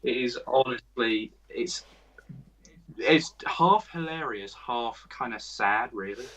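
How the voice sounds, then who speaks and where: A man's voice: mid-range voice, expressive, slow pace, a bit bright, highs cut off. A man on as a guest in a casual chat, talking in an amused way and drawing out his words.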